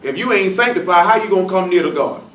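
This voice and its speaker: A man preaching a Bible-study sermon in a casual, blunt way, full of slang and rhetorical questions, and slowing down to stress the scripture he reads. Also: high-pitched, expressive, a bit bright. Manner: slow, stressed reading of scripture. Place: congregation meeting room. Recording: echoey room from a distant mic.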